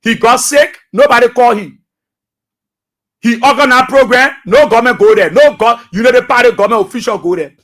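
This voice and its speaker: A man's voice: very high voice, fairly quick, a bit bright. A man with a Liberian English accent hosting political talk radio, passionate and repeating phrases for emphasis.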